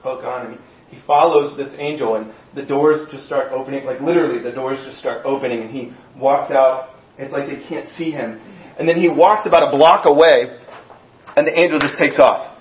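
A man preaching a sermon as pastor, telling the story with lively acted-out voices. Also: medium pitch, moderate pace. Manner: animated storytelling, acting out voices. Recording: echoey room, dull sound.

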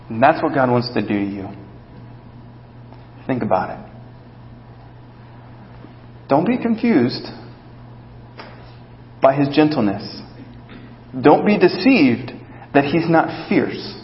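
A young adult male pastor preaching a conversational sermon, often dropping to a soft, gentle voice. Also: mid-range voice, expressive, takes it slowly, long pauses, slight background noise. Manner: conversational, drops to soft gentle tones when quoting God. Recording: echoey hall, dull lo-fi sound.

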